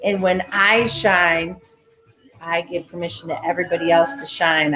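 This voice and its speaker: A woman's voice: lowish voice, normal speed, bright, forceful tone. Woman, guided breathwork coach, commanding and upbeat, roomy room, faint music behind. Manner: motivational, commanding, repeats cues. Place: live-streamed session in a roomy space.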